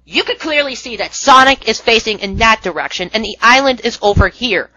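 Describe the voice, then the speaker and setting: A man's voice: extremely high pitch, expressive, brisk, sharp tone, dull audio. A man doing a rebuttal commentary on a game review, exasperated and lecturing.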